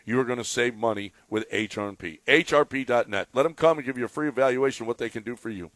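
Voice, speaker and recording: A man hosting a sports radio show, chatting in an animated, excitable way and reading ads live. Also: mid-range voice, fast, no echo. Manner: animated, excitable, repeats words when riled up. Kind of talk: casual sports talk and live ad read.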